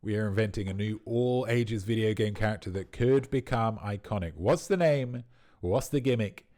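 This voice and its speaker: A man hosting a quiz stream, chatting with viewers and riffing on their answers in a playful, rambling way. His voice sits somewhat low for a man. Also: normal speed, mellow. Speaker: quiz host. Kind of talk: livestream chat with viewers.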